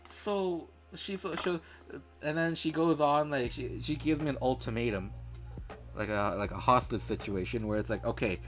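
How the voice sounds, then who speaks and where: A man from Canada co-hosting a casual podcast, telling a story in an animated rant full of swearing and acting out both sides of a phone call. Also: mid-range voice, unhurried, soft background music. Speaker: podcast co-host.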